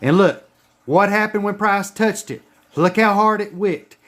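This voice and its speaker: A man's voice: high-pitched, measured pace, fairly bright tone. A man teaching chart reading in a casual screen-share lesson. He is emphatic and profane, and he repeats his points. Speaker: trading educator.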